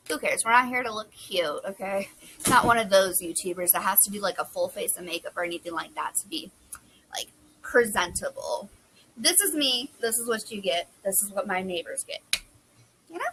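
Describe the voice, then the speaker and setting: A young woman with a bright, forward voice, chatting in a loose, rambling, self-deprecating way while a little hoarse. She is recorded on a phone outside on a covered porch, with a faint outdoor hum behind her. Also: mid-range voice, rough recording. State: losing her voice. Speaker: book vlogger. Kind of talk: casual chat. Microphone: phone camera.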